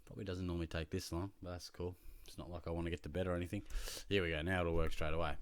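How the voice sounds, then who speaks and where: Chatty Australian man, low and dry. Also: rapid-fire, no room sound. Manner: chatty, animated storyteller, laughs often. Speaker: fantasy football vlogger. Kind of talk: casual chat.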